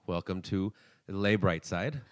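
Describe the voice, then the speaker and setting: Young male podcast co-host, low voice, dry close mic, rambling and jokey. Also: slow, smooth, dry recording. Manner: laughs often, rambling and joking. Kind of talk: casual chat.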